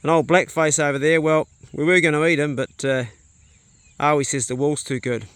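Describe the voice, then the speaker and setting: A New Zealand man with a slightly higher voice, chatting casually through a farm vlog. He talks to the camera and now and then to his animals, out of doors with crickets and animal sounds behind him. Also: steady tone, moderate pace, fairly bright tone, dry recording. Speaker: vlogger. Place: outdoors on a rural farm.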